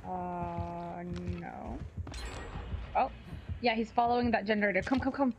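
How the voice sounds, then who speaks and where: A woman's voice: mid-range voice, measured pace, dull audio, faint music behind. A woman chatting casually while playing a game with a friend, playful and giggly, complaining dramatically. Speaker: co-op gaming partner. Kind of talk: casual co-op gameplay chat.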